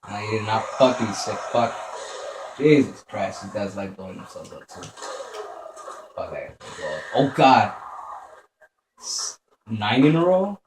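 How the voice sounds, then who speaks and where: A man's voice: lowish voice, measured pace, pauses often. Foul-mouthed man yelping over gameplay. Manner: swears constantly, yelps in panic when startled; mutters quietly to himself between outbursts. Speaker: gameplay commentator. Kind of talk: profane let's-play commentary. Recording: roomy echo with steady background noise.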